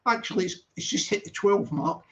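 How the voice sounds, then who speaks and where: High-voiced Scottish man, playful stream host. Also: a little fast, a bit bright. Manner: rambling, playful, repeats greetings to viewers. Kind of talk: casual live stream chat. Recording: dull lo-fi stream audio.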